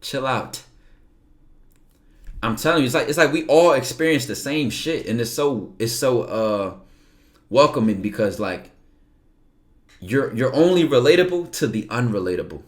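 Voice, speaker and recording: This young man is livestreaming, his medium-pitched voice animated at a moderate pace. He talks casually and emphatically, swears a lot, and now and then reads aloud from a book.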